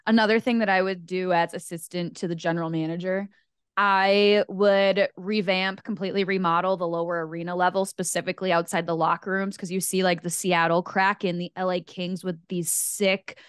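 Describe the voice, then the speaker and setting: A young woman who co-hosts a hockey podcast. She tells her stories with eager enthusiasm. Her voice is smooth and a little low, and the recording is dry and close. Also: little pitch movement, fairly quick, no echo. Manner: enthusiastic, storytelling. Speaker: podcast co-host. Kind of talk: casual hockey podcast chat.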